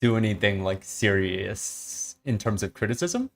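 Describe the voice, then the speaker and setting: A man co-reading on a casual stream, offering calm, brief, agreeable remarks. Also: fairly low pitch, measured pace, vocal fry. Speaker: co-reader on a reaction stream. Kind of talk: casual reaction chat.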